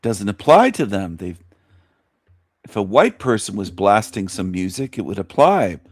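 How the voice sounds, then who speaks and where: A man's voice: lowish voice, very animated, a little slow, dry recording. Man, show host, ranting commentary, profane, repetitive, dry close sound. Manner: blunt, profane, scornful, repeats himself. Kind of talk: ranting commentary over clips.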